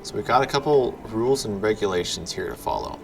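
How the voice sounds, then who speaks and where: A man doing relaxed gameplay commentary on a stream, chatty and easygoing. His pitch moves around a lot as he talks. Soft music sits faintly behind him. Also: quick pace, gravelly. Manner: laid-back, chatty.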